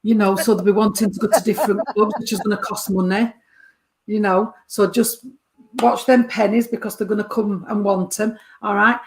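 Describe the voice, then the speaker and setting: A woman's voice: mid-range voice, steady tone, moderate pace, a little hiss or hum. Chatty woman medium. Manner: chatty, warm terms of address, keeps checking with the sitter. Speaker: spiritualist medium. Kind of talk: mediumship reading to a sitter.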